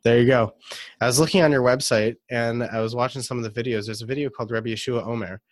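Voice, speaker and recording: A man's voice: mid-range voice, fairly even intonation, quick pace, no echo. A man hosting a casual interview, chatty and prone to repeating himself as he asks questions. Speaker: interview host.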